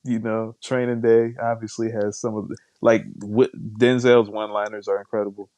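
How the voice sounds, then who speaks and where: Chill podcast co-host guy, lowish voice, dry close-up sound. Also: level tone, normal speed, darkish tone, no room sound. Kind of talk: casual chat.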